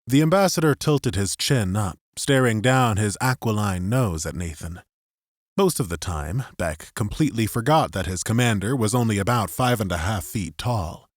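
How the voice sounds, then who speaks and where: Male narrator, lowish voice, lively intonation, dry studio sound, scripted audiobook reading. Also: no echo.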